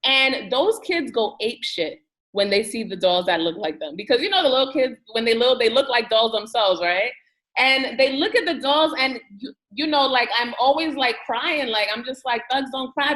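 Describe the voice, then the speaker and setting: A woman's voice: high-pitched, normal speed, a bit bright, poor audio. A woman guest on a roundtable who talks emphatically in slangy, casual speech and laughs easily.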